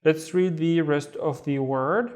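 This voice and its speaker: Man, Saudi accent, fairly high voice, patient language teacher, slow repeats. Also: darkish tone. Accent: Saudi Arabic. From Saudi Arabia. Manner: patient, repeats words slowly for practice. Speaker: Arabic teacher. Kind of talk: step-by-step language lesson.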